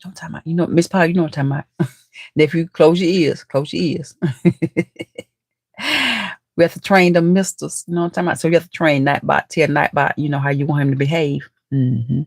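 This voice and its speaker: A gravelly, low-voiced woman talks quickly with fairly even intonation, captured in studio quality with no room sound. As a livestream host, she chats casually and reads comments, teasing and laughing often while calling viewers "nephew" and "baby."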